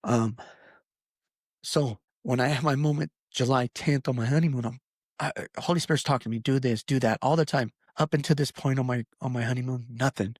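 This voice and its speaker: A man's voice: mid-range voice, steady tone, fairly quick, dry recording, clean studio sound. A man co-hosting a podcast, telling a personal story in an earnest, rambling way with many fillers and restarts. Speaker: podcast co-host. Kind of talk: casual podcast chat.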